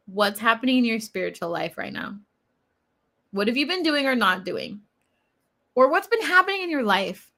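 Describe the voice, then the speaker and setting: Woman host on a relaxed livestream, giggly and chatty, mid-range voice. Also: medium pitch, gravelly. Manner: chatty, giggly, reads chat comments aloud. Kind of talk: casual livestream chat, reading comments aloud. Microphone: eating while talking on a livestream.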